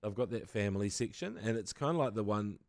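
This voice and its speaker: A man's voice: lowish voice, expressive, fast, no room sound, studio quality. A man with a New Zealand accent co-hosting a casual podcast, rambling with crude humor. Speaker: podcast co-host.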